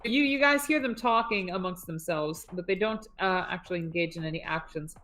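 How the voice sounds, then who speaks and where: A woman running a tabletop game as game master, narrating and ruling in a relaxed, joking way. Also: fairly low pitch, fairly quick, soft background music.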